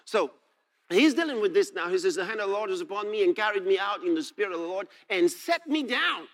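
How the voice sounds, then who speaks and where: A man preaching a sermon, reading scripture aloud and expounding it with animated emphasis, sometimes shouting. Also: sits high, fast.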